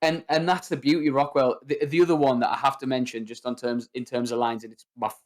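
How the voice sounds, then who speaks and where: A man's voice: medium pitch, steady tone, fast. A man co-hosting a film podcast, talking casually and acting out quoted movie lines with animation. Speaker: podcast co-host.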